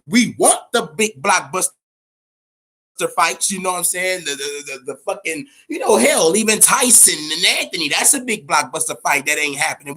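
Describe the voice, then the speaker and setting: A man hosting a casual boxing talk show, rambling and swearing as he tells fight gossip. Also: sits high. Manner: profane, rambling, animated. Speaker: host.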